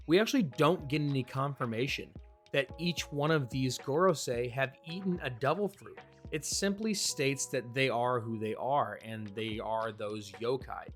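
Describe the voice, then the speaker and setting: Male host, mid-pitched and chatty, enthusiastic casual commentary with faint guitar music underneath. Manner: chatty, enthusiastic, with small restarts. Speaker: manga review host.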